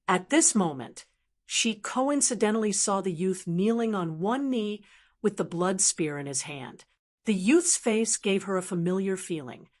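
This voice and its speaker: A woman narrating a fantasy novel audiobook in a steady, even storytelling manner. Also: mid-range voice. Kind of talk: scripted narration.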